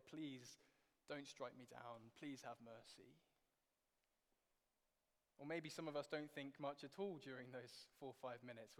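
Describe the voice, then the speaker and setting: A man's voice: a little high, long reverb tail. A man preaching a sermon in a church, speaking conversationally and asking many rhetorical questions.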